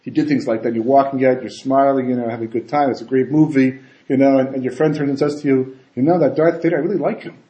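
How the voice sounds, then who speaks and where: A man giving a casual Torah talk as a rabbi, animated and full of rhetorical questions and asides. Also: medium pitch, quick pace, lo-fi sound. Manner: animated, rhetorical questions, frequent "you know" and "right?". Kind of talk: casual conversational Torah lecture. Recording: echoey room.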